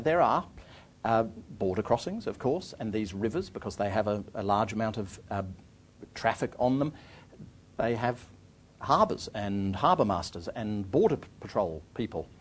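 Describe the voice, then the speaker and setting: A middle-aged man, an author telling a story to an audience. He rambles and restarts and makes fun of himself. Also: fairly low pitch. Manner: rambling, self-deprecating, frequent restarts. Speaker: author giving a talk.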